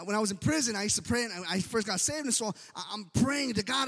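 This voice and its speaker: A man preaching a sermon with passion, swinging from shouts to hushed softness and peppering his talk with amens. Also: high-pitched, lively intonation, fast, few pauses. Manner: impassioned, swings between shouting and soft hushed delivery; repeats amen often, stammering restarts. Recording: long hall reverb.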